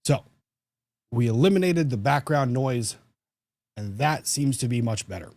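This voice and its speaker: A man's voice: medium pitch, animated, unhurried, long pauses, darkish tone, no room sound, studio quality. A man who is a lawyer, hosting a casual livestream, chatting and reading viewer comments in a joking, self-deprecating way.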